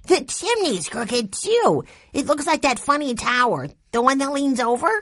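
Storybook: eager little boy, read by a woman, high, lively, unhurried. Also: no echo, studio quality. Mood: excited. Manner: excited, sing-song.

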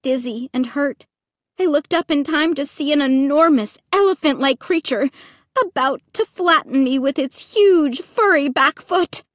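A woman narrating a first-person audiobook in a dramatic, expressive reading that breaks into shrieks. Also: high voice, unhurried, no echo, studio quality.

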